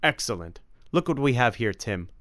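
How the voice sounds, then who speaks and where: A man's voice: mid-range voice, sing-song, moderate pace, a bit bright, dry recording, clean studio sound. A man voicing a serious, formal warrior mentor in an audiobook, with a stern, lecturing manner. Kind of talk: audiobook character voice.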